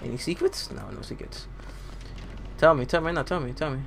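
Excitable young man narrating gameplay. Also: a little high, brisk, gravelly, soft background music. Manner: excitable, swearing, talking to himself. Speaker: let's play gamer. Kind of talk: casual gameplay commentary.

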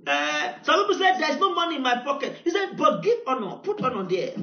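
High-pitched Nigerian preacher in an echoey hall. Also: male voice, sing-song, fairly quick. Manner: storytelling, rising to shouted decrees. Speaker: pastor. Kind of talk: sermon. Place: church hall. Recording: echoey, dull church recording.

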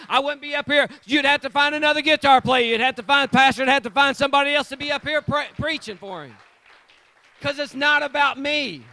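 The pitch is extremely high, pushed and bright, as a man preaches in a church sanctuary. Fervent and repetitive, this lay preacher and church guitarist calls out to congregation members by name.

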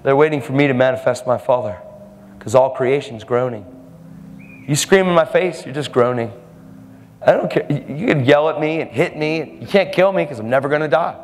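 A man's voice: mid-range voice, a little fast, in a large hall, slight background noise. A man preaching a fervent, emphatic sermon, laughing now and then between points.

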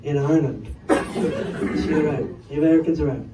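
Rambling wry stand-up comedian. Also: male voice, a little high, normal speed, background noise. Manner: rambling, wry, chatty with the audience. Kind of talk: stand-up set with crowd work. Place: comedy club stage. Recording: roomy live club sound from far off. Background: audience laughter.

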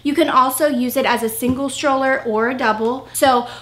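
High-voiced young woman vlogging at home. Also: steady tone, moderate pace. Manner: chatty, upbeat, filler-heavy. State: out of breath, pregnant. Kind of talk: casual unboxing vlog. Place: home room, indoors. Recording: roomy echo, faint noise.

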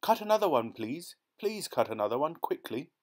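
A man reading an audiobook, voicing a peculiar, excitable male inventor who speaks urgently and intensely. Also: medium pitch, moderate pace, lightly acted. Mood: shrill excitement.

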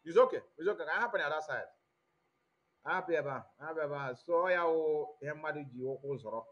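Nigerian man, livestream commentary host, animated, switches languages, slightly high pitch, dull lo-fi sound. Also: fast. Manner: animated, mixes Igbo and English mid-sentence. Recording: dull lo-fi audio.

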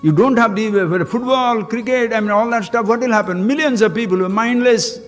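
A man's voice: high-pitched, moderate pace. A man with an Indian English accent, giving a spiritual talk full of rhetorical questions and acted-out dialogue. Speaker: spiritual teacher. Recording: long hall reverb, faint music.

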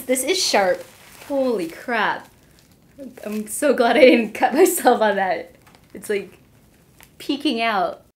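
Excitable, gushing young woman vlogger. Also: a little high. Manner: excitable, gushing and emotional, squeals and gasps. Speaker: YouTuber unboxing gifts. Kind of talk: casual unboxing vlog.

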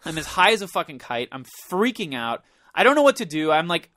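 A man co-hosting a podcast, telling a story in casual chat, animated and profane, acting out his own panicked thoughts. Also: a little high, fairly quick, no room sound, studio quality. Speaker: podcast co-host.

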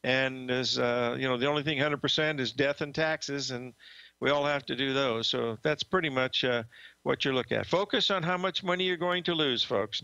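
A man's voice: fairly high pitch, bright, forceful tone, clean tone, no echo, lo-fi sound. An older man hosting a market show, talking in a folksy, rambling way with many fillers and restarts. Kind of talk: casual trading talk. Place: studio desk.

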